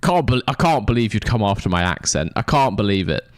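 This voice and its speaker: Young guy streaming, low voice that jumps all over, swears a lot, dry close sound. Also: sing-song, a little fast, no room sound. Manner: rambling, sweary, mock-indignant banter. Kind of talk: casual live-stream chat to viewers.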